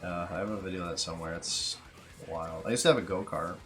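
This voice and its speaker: Young guy on a podcast, bright forceful voice, swears a lot, gets loud telling stories, faint music behind. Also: deep voice, fast talker. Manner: profane, animated storytelling. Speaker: podcast co-host. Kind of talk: casual chat.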